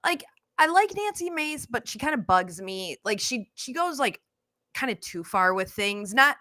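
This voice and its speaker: A woman's voice: on the high side, very animated, normal speed, bright, forceful tone, no echo. A woman co-hosting a podcast, chatty and casual with many "like"s. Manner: chatty, lots of "like" and laughs. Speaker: podcast co-host. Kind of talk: casual chat.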